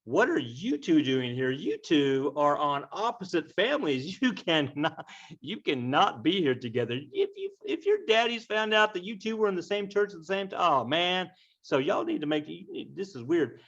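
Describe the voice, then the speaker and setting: A flustered friar frets and exclaims in a casual, exasperated way, as a man puts him on. The voice is a touch higher and the recording dull. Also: sing-song, normal speed, a bit bright, distant mic, exaggerated voice.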